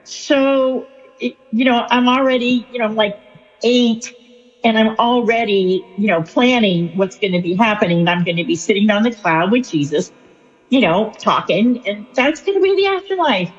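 A woman's voice: a little high, expressive, normal speed, husky. A woman author and spiritual counselor telling a story in an interview, chatty and full of fillers. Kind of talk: conversational interview answer. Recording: lo-fi with long reverb.

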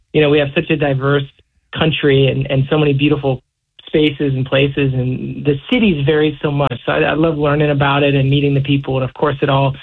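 A relaxed young man who grew up in Seattle and Hawaii, a musician answering interview questions in a chatty way with lots of fillers. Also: fairly high pitch. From Seattle, raised in Hawaii. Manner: laid-back, chatty, lots of "you know" and "like". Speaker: musician guest. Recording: tinny phone-line sound.

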